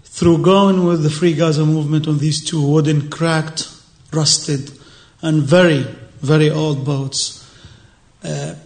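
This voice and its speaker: A man in his forties speaks to a panel audience with a voice pitched a little above the usual for a man. His delivery is earnest and emotional, halting now and then and circling back on repeated phrases. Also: steady tone. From Palestine. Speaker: activist speaker. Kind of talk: public speech on a panel.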